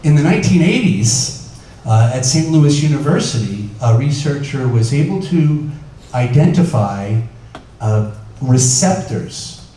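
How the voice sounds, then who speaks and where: A man's voice: medium pitch, warm tone. Man lecturing from across an echoey room. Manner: conversational, lots of fillers, asks the audience questions. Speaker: doctor giving a lecture. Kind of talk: informal lecture. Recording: echoey room picked up from a distance.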